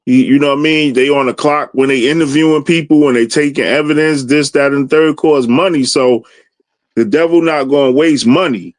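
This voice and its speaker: A man's voice: fairly high pitch, steady tone, moderate pace, no room sound. A man chatting casually in a religious discussion podcast, loose and conversational, often asking "you know what I mean".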